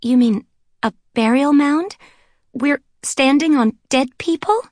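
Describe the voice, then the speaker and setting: A woman voicing a frightened young blonde who is on the edge of tears. Her voice rides up high and shaky as the panic takes over. It is close and dry, like a storybook read aloud. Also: steady tone, measured pace, darkish tone, breathy edge, dry recording. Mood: alarmed. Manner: panicky, pleading.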